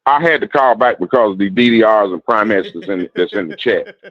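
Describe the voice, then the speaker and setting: A man's voice: lowish voice, expressive, a little fast, dry recording, lo-fi sound. A man calling into a sports show, mocking a rival team with heated trash talk. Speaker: caller.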